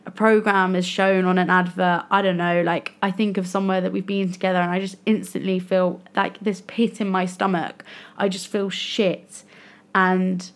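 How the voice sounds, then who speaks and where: A woman's voice: lowish voice, level tone, moderate pace. A young woman hosting a solo podcast, venting frankly and with frustration about her own choices. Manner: frustrated, venting, self-critical. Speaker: podcast host. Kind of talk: candid solo podcast monologue.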